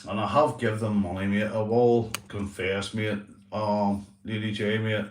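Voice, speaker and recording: A man's voice: on the low side, level tone, a little slow, roomy sound, distant mic, a little hiss or hum. A man hosting a casual livestream chat, talking earnestly and repetitively, swearing and calling his viewers "mate". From Northern Ireland. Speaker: livestream host.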